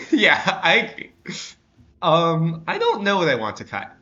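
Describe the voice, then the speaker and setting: A man's voice: a little high, wildly swooping pitch, a little slow, sharp tone, highs cut off. A man streaming a card game, chatting casually, rambling and correcting himself with dry sarcasm. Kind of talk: casual gameplay chat.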